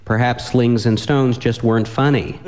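A man reading a comic story aloud with a dry, deadpan delivery. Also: mid-range voice, moderate pace, muffled recording.

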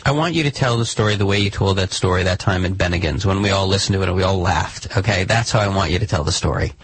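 A man in a comedic sketch, producing a recording, talking in halting, repeated starts while gently insisting. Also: sits low, slightly rough, low-quality recording.

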